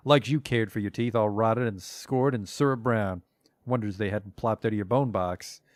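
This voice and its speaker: A man's voice: fairly low pitch, moderate pace, dry recording, clean studio sound, close to an everyday voice. A man voicing an odd, muttering old woman who picks at corpses and talks to herself in childlike baby talk. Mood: scolding.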